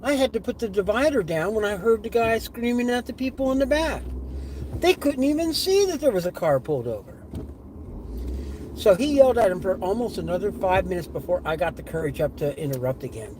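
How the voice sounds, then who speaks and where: A middle-aged man tells a casual story while driving, acting out the voices he quotes with lively energy. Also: high voice, brisk, rough recording. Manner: animated, acts out quoted voices. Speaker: live streamer. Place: inside a car on the road. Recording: car and road noise behind.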